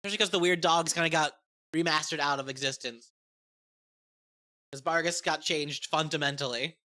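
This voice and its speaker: A woman chatting excitedly about a tabletop game, profane and rambling, often restarting her sentences. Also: deep voice, normal speed. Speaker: game content creator. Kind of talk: casual tabletop game review.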